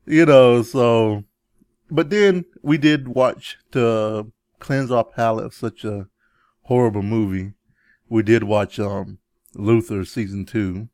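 A man co-hosting a casual podcast chat about movies, animated and chuckling often. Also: slow pace, dry recording, clean studio sound. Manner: animated, chuckling, jumps into high mimicking yells. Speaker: podcast co-host.

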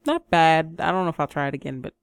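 A woman co-hosting a casual chat show, talking in a relaxed, giggly way with lots of "like" and "um". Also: deep voice, fast, smooth, no echo, clean studio sound. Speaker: co-host.

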